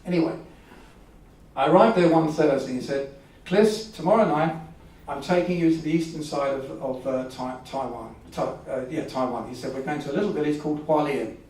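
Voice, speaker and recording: A man's voice: a little high, fairly quick, a little mellow. A man telling a personal story at a live event, rambling and anecdotal with hesitations. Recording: echoey hall from far off, faint hum.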